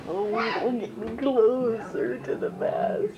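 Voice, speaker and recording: A woman's voice: a little high, fairly even intonation, slow, very noisy. A mother filming her children, chatting in sing-song baby talk on a camcorder microphone. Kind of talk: home video chatter. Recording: dull lo-fi camcorder audio with music.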